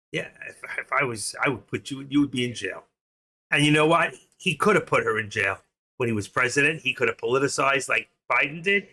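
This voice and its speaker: A man's voice: mid-range voice, creaky, pushed and bright. A man with a New York accent from Queens hosting a trading livestream, rambling and joking as he thinks aloud. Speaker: stock trading livestream host. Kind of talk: casual livestream chat.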